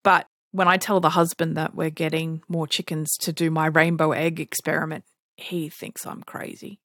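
An Australian woman co-hosting a podcast, chatting casually and telling animated stories, often laughing and acting out other people's voices. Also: low voice, moderate pace, no room sound, studio quality. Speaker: podcast co-host. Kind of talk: casual chat.

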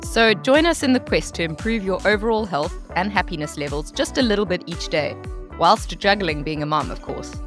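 A woman's voice: on the low side, lively intonation, moderate pace, over music. A woman co-hosting a podcast, teasing and laughing often, swearing casually. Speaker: podcast co-host.

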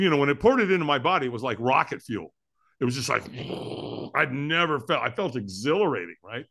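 A man's voice: mid-range voice, fairly bright tone. Middle-aged man, mid-range voice, candid storyteller with lots of restarts, podcast guest. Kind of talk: personal story in a podcast interview.

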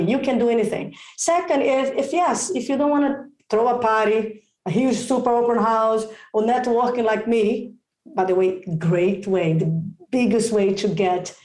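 A woman working as a real estate agent, giving expressive, excitable advice in an interview. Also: on the high side, echoey room. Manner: expressive, excitable, many exclamations.

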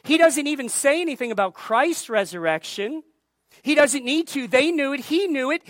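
A woman pastor preaching a sermon in a deliberate, emphatic way, repeating key phrases for weight. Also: high-pitched, expressive, no room sound, studio quality.

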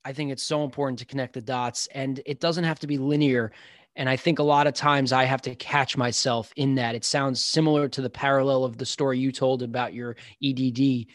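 A man's voice: mid-range voice, steady tone, fairly quick, no room sound, clean studio sound. A man from Long Island, a physical therapist guest on a podcast, telling stories in a rambling, enthusiastic way with many restarts. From Long Island, New York. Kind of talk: casual podcast conversation.

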